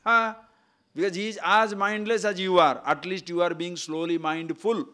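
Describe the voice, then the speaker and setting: An older man teaches a spiritual discourse in a fairly high voice. He asks rhetorical questions, repeats key words and swings his pitch and loudness widely. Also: fairly even intonation, normal speed.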